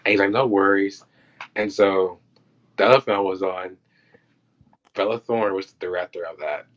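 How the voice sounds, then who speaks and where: Man, low voice, loose animated storyteller; muffled lo-fi recording. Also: moderate pace. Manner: loose and animated, acting out quotes and reactions. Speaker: podcast guest, film crew electrician. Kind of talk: casual storytelling. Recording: dull lo-fi sound.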